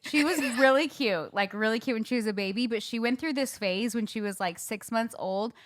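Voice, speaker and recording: A woman's voice: a little high, a little fast. A woman in her thirties hosting a podcast in a casual chat, giggly and rambling with lots of fillers. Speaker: podcast host.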